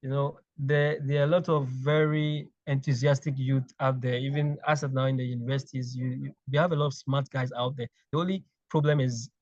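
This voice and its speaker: A man's voice: mid-range voice, steady tone, darkish tone, dry recording. A man from Ghana speaks in a mid-range voice, stopping and repeating words as he works out what to say. The sound is dry and slightly muffled, like a remote interview recording. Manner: halting, repeats words while thinking. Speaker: clinical engineering manager, guest. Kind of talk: interview conversation.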